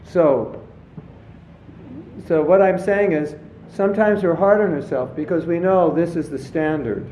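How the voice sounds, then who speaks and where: Male spiritual teacher, relaxed storytelling lecture style, fairly high voice, recorded in a reverberant room. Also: measured pace, a little hiss or hum. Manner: storytelling, acts out voices in his anecdotes. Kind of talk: casual lecture with jokes. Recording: roomy, slightly dull lecture recording.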